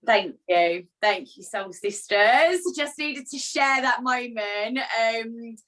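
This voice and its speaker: A woman co-hosting an online community call, with a bright, fairly high voice. She speaks in affirming, emotional reassurances over a video call. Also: takes it slowly, low-quality recording. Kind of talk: supportive group talk.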